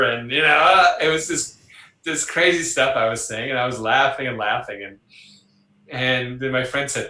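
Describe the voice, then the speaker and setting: Bright-voiced man telling stories animatedly. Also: mid-range voice, moderate pace, roomy sound, poor audio. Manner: animated, acts out quoted voices, laughs along. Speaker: psychologist guest. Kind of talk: conversational interview storytelling.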